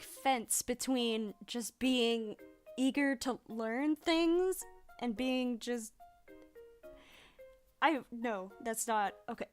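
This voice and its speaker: Young woman streamer, higher voice, unhurried delivery, rambling and self-correcting, frequent laughs, faint music behind. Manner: rambling, restarts and rephrases, laughs often, swears casually. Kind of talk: casual chat while drawing.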